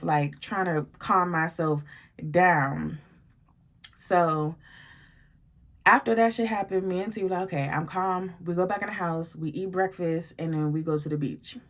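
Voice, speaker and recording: A young adult woman telling a story in a casual vlog, animated and profane, acting out the dialogue as she goes. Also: fairly low pitch. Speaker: storytime vlogger.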